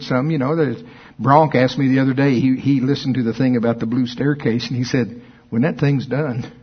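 A man preaching a sermon, excitable and quick to laugh, who slows down to read scripture aloud. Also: medium pitch, husky, muffled recording. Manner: excitable, laughs often, reads scripture slowly. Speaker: pastor.

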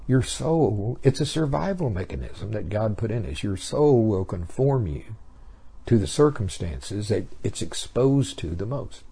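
Male preacher, husky voice, mellow dark tone, folksy storytelling sermon. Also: deep voice. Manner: folksy storytelling, acts out characters.

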